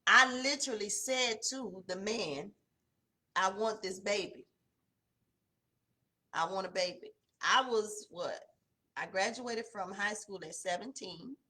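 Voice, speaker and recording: A woman, telling a personal testimony in a casual, conversational way. Her voice drops low and soft in the emotional stretches. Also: slow pace, pauses often. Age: 40s. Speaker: host of a morning devotional.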